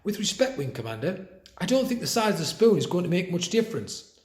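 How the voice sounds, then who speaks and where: A man's voice: sits high, sing-song, a little fast, a little mellow, pitched above the performer's own voice. A man voicing a worried, polite young boy who speaks hesitantly. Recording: roomy echo.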